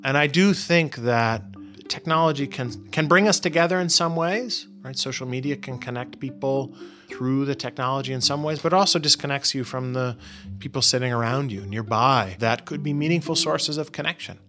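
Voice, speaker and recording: A man being interviewed as a researcher, explaining his findings in an animated way and often restarting words. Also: mid-range voice, normal speed, faint music behind. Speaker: guest researcher. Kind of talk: interview answers.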